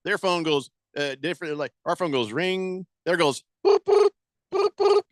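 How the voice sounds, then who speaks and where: A man's voice: a little high, normal speed, fairly bright tone, no echo. A man hosting sports talk radio, chatting casually and joking around with playful exaggeration.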